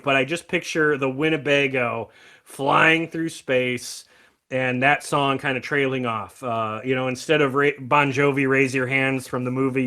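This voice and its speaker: A man hosting a casual livestream chat about music, animated and laughing often as he talks. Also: mid-range voice. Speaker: host.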